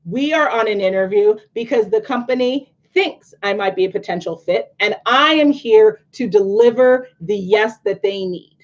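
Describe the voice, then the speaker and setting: A woman from New York coaching viewers on job interviews in an animated, laughing way, acting out nervous candidates. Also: mid-range voice, normal speed, few pauses, lo-fi sound. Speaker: career coach. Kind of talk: live-streamed coaching talk.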